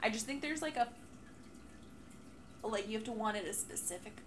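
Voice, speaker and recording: A young woman co-hosting a podcast in casual chat, animated and laughing, slipping into playful quoted voices. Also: fairly high pitch, moderate pace, slight background noise. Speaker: podcast co-host.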